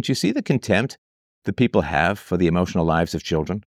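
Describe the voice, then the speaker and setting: A man's voice: sits low, animated, quick pace, no echo, clean studio sound. A man reading a text aloud and cutting in with sarcastic, emphatic commentary, often repeating phrases for effect.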